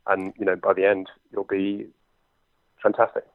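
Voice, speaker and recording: A man's voice: low voice, flat delivery, dry recording. A man in his twenties with a London accent, an impressionist and comedian talking in a chatty interview, full of fillers. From England. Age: 20s. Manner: quick, chatty, lots of fillers. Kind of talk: conversational interview. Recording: tinny phone line, dry.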